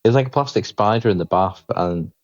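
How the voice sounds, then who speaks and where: A man co-hosting a podcast, casually retelling film scenes in a deadpan way with the odd chuckle. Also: on the low side, fairly quick, no echo. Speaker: podcast co-host. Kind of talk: casual chat about films. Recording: dry, slightly dull lo-fi mic.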